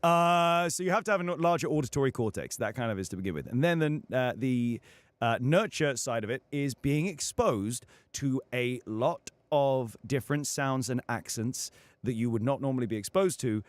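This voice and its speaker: Here the young British voice actor, a guest on a casual livestream interview, speaks at a moderate pace with a medium-pitched, expressive voice and no room sound. He comes from the United Kingdom and explains his points thoughtfully, filling gaps with frequent fillers.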